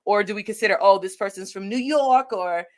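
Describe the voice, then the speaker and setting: A woman from Detroit with a Detroit Midwestern accent, hosting a podcast interview over a live video call with energetic, expressive talk that mixes in Spanish words. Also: medium pitch, brisk. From Detroit, Michigan. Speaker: podcast host. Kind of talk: conversational interview.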